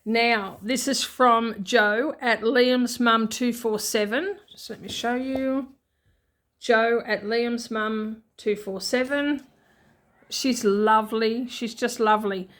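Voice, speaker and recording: A woman's voice: a little high, fairly even intonation, takes it slowly, a bit bright. An Australian woman chatting casually and unscripted as a budgeting vlogger at home, rambling and repeating herself as she goes. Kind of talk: casual unscripted vlog chat. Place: at home with her cat nearby.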